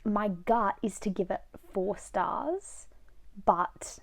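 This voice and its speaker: A woman's voice: medium pitch, slow pace, gravelly. Chatty young woman reviewing books. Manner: chatty, rambling with many fillers. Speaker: book vlogger. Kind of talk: casual book review vlog.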